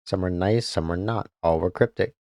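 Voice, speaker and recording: Cruel old male ghost, gruff and gloating, as a gamer puts him on; low voice, dead-dry. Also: moderate pace, darkish tone, no room sound. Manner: gruff, sneering, mocking. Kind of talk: game character voice.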